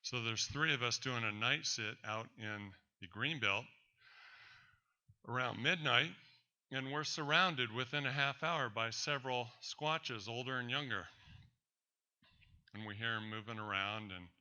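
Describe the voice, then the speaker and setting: A man gives a talk, telling a personal story to an audience with emphasis and defiance, addressing his doubters directly. His voice is on the high side, bright and forceful.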